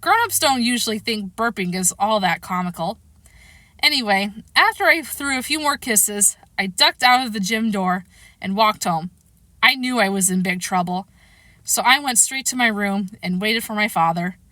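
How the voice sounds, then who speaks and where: A woman reading a children's novel aloud in lively, expressive first-person narration, close to the mic. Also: mid-range voice, normal speed, no echo. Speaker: storybook reader.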